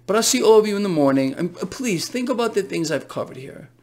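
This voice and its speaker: A man's voice: high voice, expressive, fast talker, darkish tone. Emphatic ranting male market commentator. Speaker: financial commentator host. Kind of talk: casual market commentary vlog.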